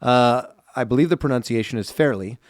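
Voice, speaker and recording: A man's voice: mid-range voice, a little fast, no room sound. A man in his thirties co-hosting a podcast, chatting casually and reflectively with lots of fillers in a small studio. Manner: reflective, soft-spoken, many fillers. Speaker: podcast co-host.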